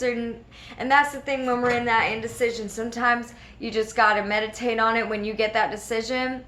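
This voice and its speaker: A woman, a regular host of a spiritual video series, telling a personal story in casual, animated talk and acting out the voices of the people in it. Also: a little high, a little fast. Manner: animated, laughing often, acts out quoted voices.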